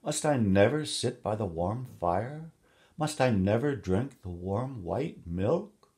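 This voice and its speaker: A man's voice: deep voice, animated, a little mellow. A man reading aloud and voicing a proud, sly male cat who pleads and boasts in a raised voice. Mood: proud, pleading. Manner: pleading then haughty, raised and quickened.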